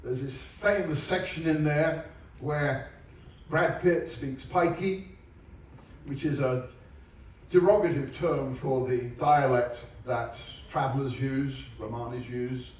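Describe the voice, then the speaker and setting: With a steady, slightly mellow mid-range voice, an English onboard lecturer takes things slowly as he gives a comic presentation full of wry asides. The sound is distant and echoey, from a large ship theatre.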